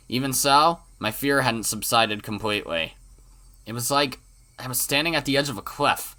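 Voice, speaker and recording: A man hosting a let's play, reading a visual novel's narration aloud with dramatic flair. His voice is bright and forward, and he breaks off now and then for crude asides and trips over the odd word. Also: lowish voice.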